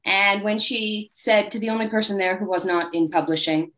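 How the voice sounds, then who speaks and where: A woman appears as a guest author in a casual interview, sharing candid, wry anecdotes. She performs the people she quotes in lively voices, speaking in a mid-range voice at normal speed.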